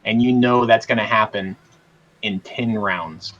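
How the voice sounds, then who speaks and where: A man running a tabletop role-playing game as game master, narrating scenes in a descriptive, relaxed way with frequent fillers. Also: lowish voice, measured pace, muffled recording.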